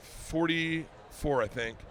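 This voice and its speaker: A middle-aged man, a comedian guest on a podcast, telling animated stories in casual chat and acting out the dialogue. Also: fairly high pitch, takes it slowly, a little hiss or hum. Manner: animated storyteller, acts out quoted dialogue.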